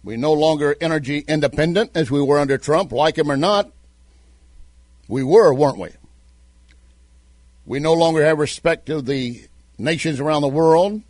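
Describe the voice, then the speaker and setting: Slightly high and a little mellow, this Southern American man's voice carries a talk radio show with no echo. He reads sponsor ads, comments emphatically, and says phone numbers over slowly.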